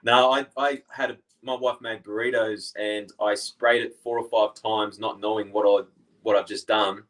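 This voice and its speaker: A man's voice: fairly low pitch, fairly even intonation, normal speed, fairly bright tone, poor audio. An adult man, a guest in casual chat, telling anecdotes and laughing often.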